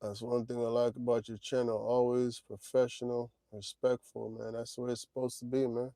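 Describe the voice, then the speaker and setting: A man's voice: medium pitch, level tone, fairly quick, mellow, no echo. A man in his forties hosting a trucking livestream, talking casually and directly to his chat. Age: 40s. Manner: laid-back, talks straight to chat, drawls "man" and "y'all".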